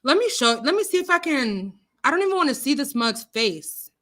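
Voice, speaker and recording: A woman hosting a casual livestream chat, animated and outspoken, quoting scripture and swinging between loud outrage and hushed apologies. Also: high-pitched, a little fast. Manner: religious, quotes scripture. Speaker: livestream host.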